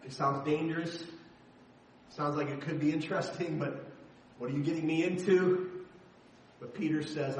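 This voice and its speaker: A man's voice: fairly high pitch, normal speed, a little hiss or hum. A middle-aged man preaching a sermon, telling a story in an emphatic, dramatic way. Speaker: pastor. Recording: echoey hall from far off.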